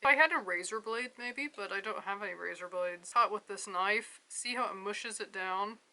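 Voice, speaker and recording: A woman's voice: mid-range voice, moderate pace, pushed and bright. A woman narrating a casual crafting vlog at home, chatty and self-mocking, often breaking into laughter. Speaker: crafting vlogger. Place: home apartment.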